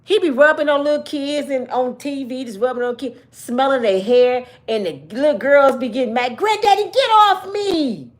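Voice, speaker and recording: A woman's voice: high voice, normal speed, few pauses. A woman doing casual comedic commentary, joking and cussing as she talks to her viewers. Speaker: YouTube commentator.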